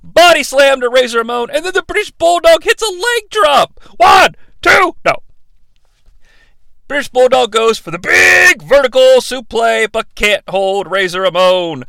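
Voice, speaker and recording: A man hosting a comedic play-by-play recap, jokey and excitable, now and then bursting into shouted calls. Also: extremely high pitch, moderate pace, gravelly, hardly any pauses, clear, resonant tone, no room sound. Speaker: podcast host recapping wrestling.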